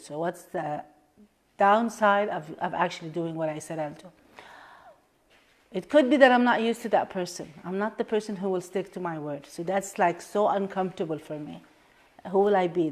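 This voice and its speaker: Earnest woman coach repeating affirmations. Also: fairly low pitch. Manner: earnest, repeats affirmations and questions, drops to a soft hush. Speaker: life coach. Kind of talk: live coaching session guiding a tapping exercise.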